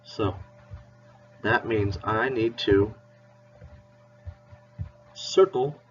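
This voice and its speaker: A man's voice: on the low side, drawn-out words, distant mic. A male teacher giving a playful, encouraging math lesson to children. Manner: encouraging, playful, spells words out. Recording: dull lo-fi recording with faint hiss.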